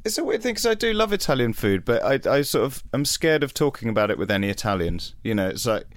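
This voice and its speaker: A man's voice: medium pitch, big pitch swings, quick pace, dry recording. A man chats on a podcast with a wry, rambling, self-deprecating manner. His voice moves up and down a lot as he talks. The sound is dry and close. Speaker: podcast host. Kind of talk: casual chat.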